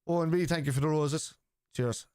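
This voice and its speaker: With a voice on the high side that's warm, clear, and resonant, a man talks at normal speed in studio-quality audio with no room sound. He casually answers viewers on a live football stream, blunt and argumentative and swearing freely.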